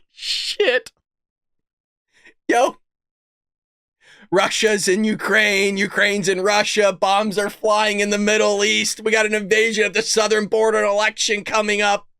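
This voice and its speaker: A man hosting a political commentary livestream, mocking and excitable, often laughing and cursing in disbelief. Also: high-pitched, moderate pace, creaky, clean tone, no echo, studio quality. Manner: mocking, excitable, repeats lines. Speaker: show host.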